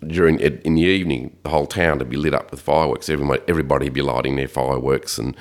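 An Australian man hosting a casual tech podcast, a bit croaky from hay fever, reading slowly and rambling in asides. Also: extremely low pitch, fairly even intonation. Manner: slow deliberate intro reading, rambling asides. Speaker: podcast host.

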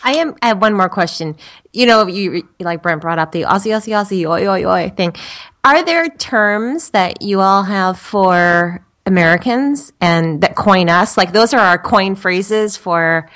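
Woman, mid-pitched voice, curious questions, casual chat. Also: a little slow, a bit bright.

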